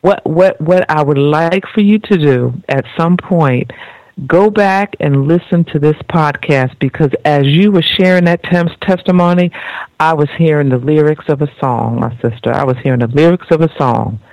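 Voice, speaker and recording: A man's voice: fairly high pitch, moderate pace, vocal fry, a little mellow, dry recording, low-quality recording. A man hosting a podcast in casual chat, affirming and enthusiastic, repeating himself. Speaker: podcast host.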